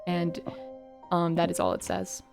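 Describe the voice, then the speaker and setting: A woman running a tabletop role-playing game as game master, narrating in a gentle, measured way. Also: fairly low pitch, very animated, gravelly, music in the background.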